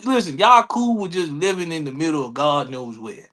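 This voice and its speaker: Dc area guy, high bright voice, all over the place, swears a lot, doing loud voices of other people. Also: very animated, fairly quick, hardly any pauses. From Washington DC area. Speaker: podcast co-host. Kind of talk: casual chat.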